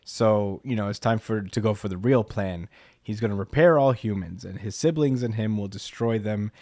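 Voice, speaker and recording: A young podcast co-host with a lowish, warm voice casually recaps a comic chapter. His storytelling is loose and filler-heavy, recorded in a clean, dry studio with no room sound.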